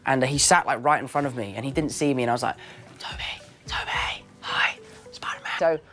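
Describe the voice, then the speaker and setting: A man's voice: medium pitch, very fast, fairly bright tone, faint music behind. A young English man telling stories in a casual interview, playful, acting out quotes and laughing easily. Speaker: actor guest.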